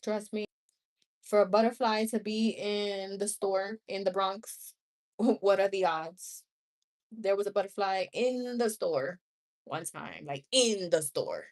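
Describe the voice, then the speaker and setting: A woman's voice: mid-range voice, slow pace. A woman in her thirties with a New York accent, chatting casually with viewers on a live stream, laughing often and wandering into asides. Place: home room.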